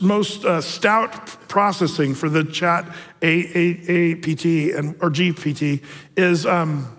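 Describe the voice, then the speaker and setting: A man's voice: on the high side, in a large hall. A man giving a casual, digressive sermon as a pastor, with joking asides. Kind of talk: casual prophecy-update sermon.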